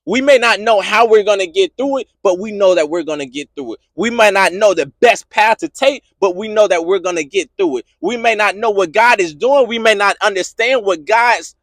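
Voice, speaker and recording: A man with a high, bright-edged voice gives a motivational talk about faith. He is impassioned and repetitive, and he pushes up into shouting when he gets fervent. The sound is dry and close, with no room around it. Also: moderate pace, hardly any pauses, dry recording. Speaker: podcast host.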